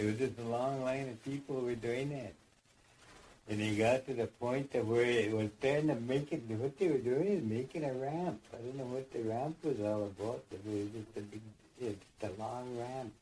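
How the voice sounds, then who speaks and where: Mellow man telling a dream story. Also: medium pitch, a little hiss or hum, low-quality recording. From United States. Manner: rambling, repeats phrases, acts out voices.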